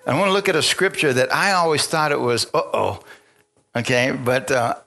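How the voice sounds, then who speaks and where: Brisk and gravelly, with a sharp tone at a medium pitch, a man preaches a sermon as though chatting with his listeners. He keeps asking for amens in call-and-response fashion and chuckles along the way.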